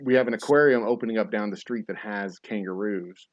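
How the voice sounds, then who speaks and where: A man's voice: fairly low pitch, a little fast, no echo, highs cut off. A man hosting a podcast, chatting casually, telling stories animatedly and laughing often. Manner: animated storyteller, laughs a lot, acts out scenes. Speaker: podcast host. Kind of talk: casual chat.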